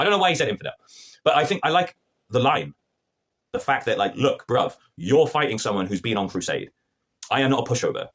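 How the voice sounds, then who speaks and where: A man talks quickly through a TV episode he dislikes, and he sounds exasperated and sarcastic. His slangy retelling swings widely in pitch, jumping up and down as he mocks the characters. He keeps up a rapid, lively rant throughout. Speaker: film and TV reviewer. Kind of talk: ranting review to camera.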